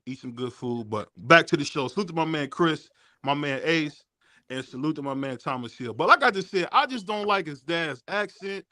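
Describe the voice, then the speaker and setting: A man hosts a casual boxing talk show, talking in animated slang and slipping in ad plugs. His voice sits a little high. The sound is dry and close. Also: moderate pace, no echo. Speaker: host.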